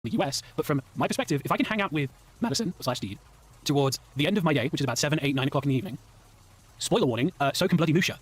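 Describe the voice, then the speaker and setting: A man's voice: a little high, expressive, rapid-fire, slightly rough. An English man delivering a heated, indignant commentary rant with lots of swearing. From England. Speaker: commentary guest. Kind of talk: ranting commentary.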